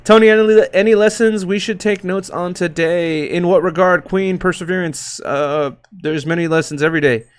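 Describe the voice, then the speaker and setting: A man hosting a casual livestream, reading out market moves in a loose, joking, profane, slangy way with hype shouts. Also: high voice, fairly even intonation, moderate pace, few pauses, clean tone. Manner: hype shouts and laughs while reading tickers. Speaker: crypto livestream host.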